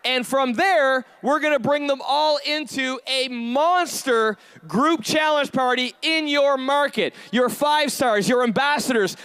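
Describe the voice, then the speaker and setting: A man's voice: very high-pitched, no room sound. Fired-up man rallying a crowd. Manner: rallying crowd with call-and-response questions; shouts bursts of hype to the audience. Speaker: motivational event speaker. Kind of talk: high-energy stage pep talk.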